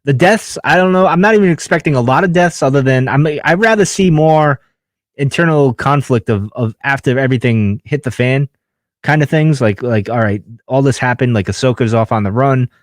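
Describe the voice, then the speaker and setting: This podcast host, a man with a medium-pitched voice, talks fairly quickly in casual chat, rambling with fillers and restarts. The sound is dry and clean, like a studio.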